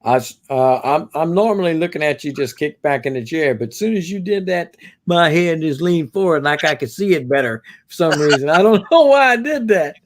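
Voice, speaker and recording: Chatty man on a call, slightly high. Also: expressive, brisk. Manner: chatty, laughs often, rambling. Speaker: co-host on video call. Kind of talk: casual livestream chat. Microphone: video call.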